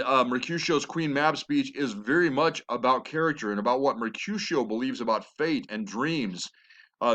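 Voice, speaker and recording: A man's voice: medium pitch, a bit bright. A man teaching a lesson on a play, talking in a conversational way with asides and fillers. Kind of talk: recorded lecture.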